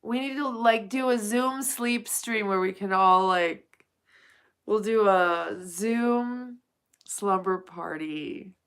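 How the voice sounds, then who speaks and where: Slow-talking woman streamer, chatty and affectionate. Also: medium pitch, fairly bright tone, clean tone. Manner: chatty, calls viewers honey and darling. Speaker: live streamer. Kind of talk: casual late-night live stream chat.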